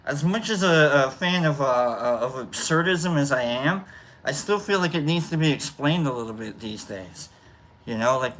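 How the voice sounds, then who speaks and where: A man hosting a casual chat show, talking in a rambling, halting way full of fillers and restarts. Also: a little high, animated, a bit bright, a little hiss or hum. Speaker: host. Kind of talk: casual chat while smoking.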